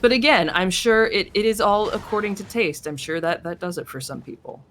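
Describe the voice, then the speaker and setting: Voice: mid-range voice, fairly quick, a bit bright. A podcast co-host chatting casually while gaming, rambling through explanations with many fillers. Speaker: podcast co-host playing a game. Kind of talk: casual gameplay chat.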